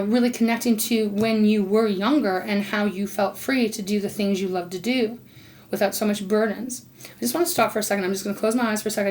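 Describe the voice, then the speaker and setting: A woman doing an intuitive tarot reading, talking in a loose, rambling way and pausing to ask her spirit guides. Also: mid-range voice. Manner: rambling, warm-hearted, talks to spirit guides between cards. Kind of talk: casual spoken tarot reading.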